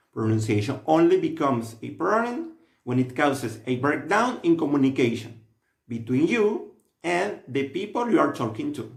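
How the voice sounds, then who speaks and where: A man narrates a scripted language lesson in an instructive, steady way. His fairly high voice swings up and down with lively intonation. The recording carries a noticeable roomy echo. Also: gravelly. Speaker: language teacher.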